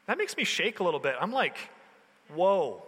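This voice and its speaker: A man preaching in a relaxed, chatty way, mixing slang into his sermon. His voice is fairly high and very bright and forceful. It rings out with a long hall reverb. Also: quick pace, breathy edge. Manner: casual, conversational preaching with slang. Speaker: pastor.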